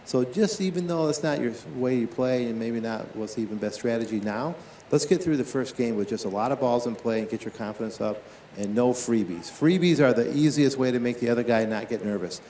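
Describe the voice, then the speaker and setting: A man's voice: mid-range voice, slight background noise. Echoey man coaching on a tennis court. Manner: lively, talks to players and coaches with quick questions. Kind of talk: live on-court coaching demonstration.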